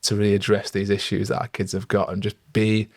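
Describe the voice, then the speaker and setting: A man's voice: on the low side, completely flat delivery, brisk, no echo, clean studio sound. A young man co-hosting a podcast, telling a parenting story in an earnest, reflective way with lots of fillers. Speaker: podcast co-host. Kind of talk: casual chat.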